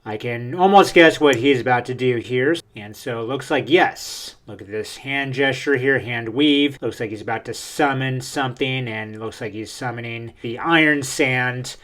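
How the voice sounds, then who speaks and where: A man hosting a casual manga reaction, talking excitably with frequent fillers as he reads through pages. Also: mid-range voice, normal speed, few pauses. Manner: excitable, hyped, lots of uh fillers.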